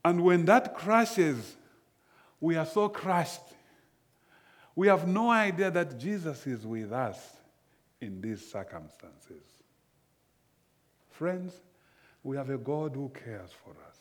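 A man preaching a sermon slowly and emphatically, often repeating phrases. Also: on the high side, lively intonation.

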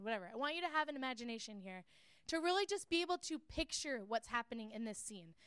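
A young woman with a high, smooth, crisp voice leads a casual Bible teaching talk. She sounds chatty and earnest and often pauses on fillers. The sound is dry and close, with no room echo. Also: a bit bright.

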